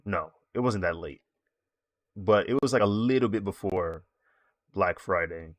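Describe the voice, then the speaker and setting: A man casually chatting with his stream viewers while he draws, in a relaxed, rambling way with frequent laughs. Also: deep voice, unhurried, dry recording, studio quality. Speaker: streaming digital artist.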